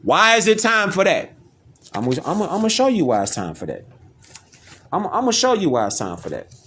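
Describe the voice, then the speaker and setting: Speaking quickly with a high, slightly rough, sharp-toned voice whose pitch swoops wildly, this online commentator gives a slangy, streetwise monologue. He keeps repeating himself and throwing out rhetorical questions.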